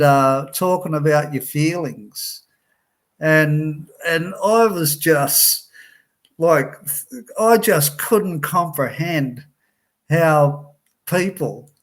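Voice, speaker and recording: Slow-talking man telling his story. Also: a little high. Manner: conversational storytelling, frequent restarts and laughs. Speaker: speaker sharing his life story. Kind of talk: personal testimony talk.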